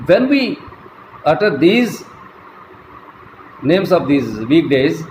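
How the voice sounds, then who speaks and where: A man giving a slow, deliberate classroom lecture as a college lecturer, spelling words out letter by letter. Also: fairly high pitch, sing-song, darkish tone. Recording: echoey room, faint traffic noise.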